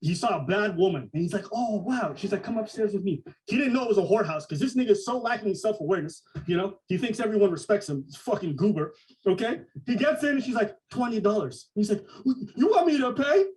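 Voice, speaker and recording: Fast, high-voiced man ranting mockingly. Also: lively intonation, a little mellow, far from the mic, rough recording. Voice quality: mocking, profane, fast-talking. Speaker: podcast co-host. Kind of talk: heated podcast rant.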